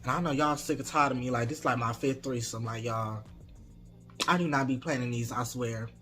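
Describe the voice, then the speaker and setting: Mężczyzna opowiada anegdotę na vlogu, luźno, z dużą ilością slangu i przekleństw, z zapałem. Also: male voice, mid-range voice, brisk, faint music behind. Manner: animated, laid-back slang and swearing. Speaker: storytime vlogger. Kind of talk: casual storytelling.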